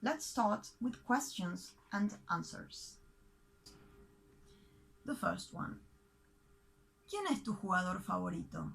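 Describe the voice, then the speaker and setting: A woman with an Argentine accent who teaches a language lesson in a scripted way, speaking slowly and clearly and repeating example words for learners. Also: on the low side, animated, a bit bright, low-quality recording. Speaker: Spanish teacher.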